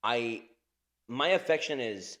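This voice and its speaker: A man's voice: mid-range voice, animated, slow pace, a bit bright. A man in his thirties co-hosting a podcast in casual chat, rambling, swearing a lot and laughing often. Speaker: podcast co-host.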